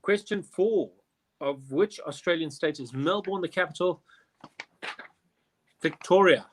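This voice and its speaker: A man with a slightly higher voice hosts a laid-back quiz show. He reads out the questions and then wanders into cheeky, joking tangents, swearing casually and laughing along. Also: unhurried, slight background noise. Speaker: quiz host. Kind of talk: casual quiz hosting with banter.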